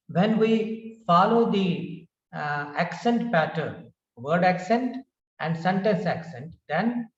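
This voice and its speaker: A man with an Indian English accent slowly reads out practice words one at a time, pausing between each, with short explanations padded by fillers. His voice sits fairly high. The recording is dull and roomy, as if the mic were some way off. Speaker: English pronunciation teacher. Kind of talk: slow word-by-word pronunciation drill.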